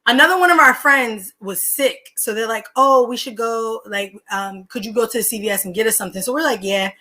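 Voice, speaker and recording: A young woman from Philadelphia, USA, guests on a podcast, telling stories in casual, slang-filled chat and laughing between lines. Her voice is a little high and fairly quick, and her manner is animated, with laughter breaking in mid-story.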